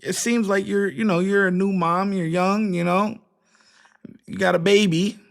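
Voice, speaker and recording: Male commentary host, slightly high voice, blunt and scolding. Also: fairly even intonation, measured pace, vocal fry. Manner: opinionated, scolding, mocking. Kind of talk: reaction commentary.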